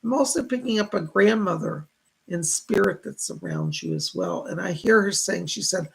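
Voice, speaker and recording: A man's voice: high voice, sing-song, normal speed, creaky, slightly rough, rough recording. A man hosting live-stream psychic readings. He reads viewer messages aloud and relays spirit messages. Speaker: psychic reader, show host.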